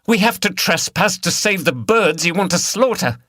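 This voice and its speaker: A man voicing a fierce, defiant young woman hunt saboteur who shouts and curses. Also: fairly low pitch, unhurried, breathy edge, no echo, clean studio sound, full character voice. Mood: furious defiant. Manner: shouting, furious, cursing.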